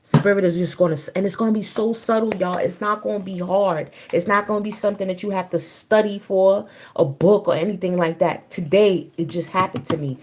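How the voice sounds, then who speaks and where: A woman's voice: mid-range voice, steady tone, a little fast, few pauses, darkish tone, slight background noise. Chatty woman streaming a spiritual reading. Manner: loose and chatty, breaks off to scold children. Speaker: spiritual reader on a livestream. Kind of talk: casual livestream talk.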